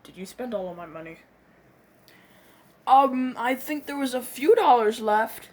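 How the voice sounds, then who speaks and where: A woman performing a comedic skit, voicing quarrelling characters with cursing, yelps and shouting outbursts. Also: fairly high pitch, expressive, unhurried.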